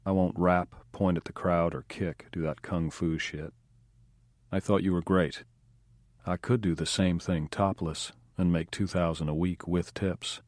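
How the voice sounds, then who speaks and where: A cynical young woman singer who talks in a flat, matter-of-fact way, voiced by a male audiobook reader with a low, deep voice. Dry close recording. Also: measured pace, no echo. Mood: wry. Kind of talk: audiobook dialogue.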